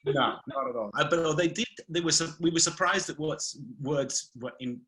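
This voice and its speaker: Bright-voiced man, laughing often. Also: on the high side, normal speed, low-quality recording. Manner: laughs often, chatty and playful. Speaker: host of live video chat. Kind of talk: casual chat. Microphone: video call.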